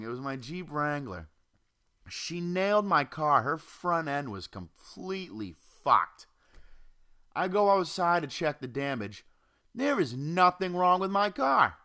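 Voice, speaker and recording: A man's voice: mid-range voice, bright, forceful tone. Foul-mouthed rambling young man. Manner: profane, rambling, jumps off topic. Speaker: podcast host. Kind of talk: casual solo rant. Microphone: home computer or desk mic.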